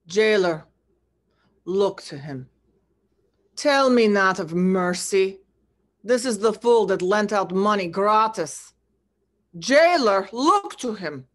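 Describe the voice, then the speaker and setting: A woman's voice: mid-range voice, lively intonation, slow pace, pauses often. A woman reading a vengeful, stubborn moneylender. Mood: unyielding. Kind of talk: unrehearsed play reading.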